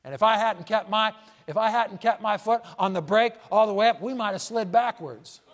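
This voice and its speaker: A man's voice: sits high, normal speed, a bit bright, voice pushed up. A man doing a wry, worn-out cyclist. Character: tired male cyclist, wry, matter-of-fact.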